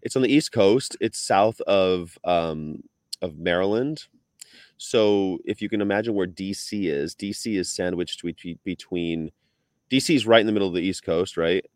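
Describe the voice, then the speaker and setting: A man chatting away on a video call, playful and loose with his words. His voice sits on the low side, and the sound is very dry and close with no room around it. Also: a little mellow, no echo. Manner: chatty, playful, does quick impressions. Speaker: host. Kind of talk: casual chat. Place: on the road in Virginia.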